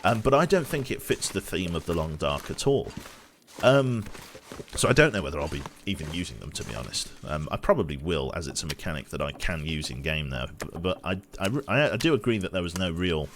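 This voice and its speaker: Deep-voiced Brummie man streaming a game. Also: expressive, fairly quick, a little hiss or hum. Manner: rambling, opinionated, swears casually, restarts sentences. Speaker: streamer playing a survival game. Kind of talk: casual gameplay commentary.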